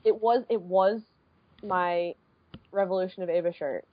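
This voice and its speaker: A woman in her twenties from the Midwest, co-hosting a podcast and telling a story in a casual, animated way with frequent swearing. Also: on the low side, normal speed, phone-quality sound. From American Midwest. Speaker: podcast co-host.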